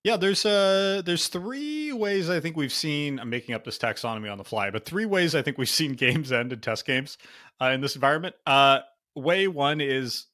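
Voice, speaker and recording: A man's voice: mid-range voice, sharp tone. A man co-hosting a casual card game review podcast, thinking aloud with lots of fillers. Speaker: podcast co-host.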